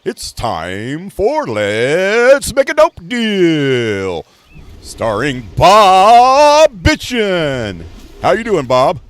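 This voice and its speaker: Game show host, booming, high, drawn-out, loud. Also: male voice, huge pitch swings, no room sound, full character voice. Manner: loud, drawn-out announcer delivery.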